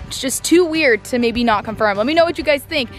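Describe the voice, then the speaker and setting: A chatty young woman talks to camera outdoors on her farm. Her voice sits notably high, and she rambles with plenty of "like" and "I don't know", turning now and then to address her animals. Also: animated, fairly quick, soft background music. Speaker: farm vlogger. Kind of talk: casual vlog chat to camera.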